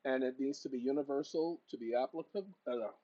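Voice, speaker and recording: A man with a mellow, husky voice runs his own channel and talks viewers through a document on screen. He barks sharp orders at a voice assistant, then drops to low asides for his audience. The recording sounds dull and lo-fi. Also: fast talker. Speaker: channel host. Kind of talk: casual screen-share walkthrough.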